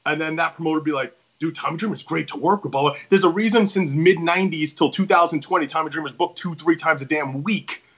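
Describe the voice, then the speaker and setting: A man's voice: a little high, quick pace, hardly any pauses, fairly bright tone, husky, lo-fi sound. A man talking as a wrestling promoter guest in a casual podcast chat, rambling and emphatic with many restarts.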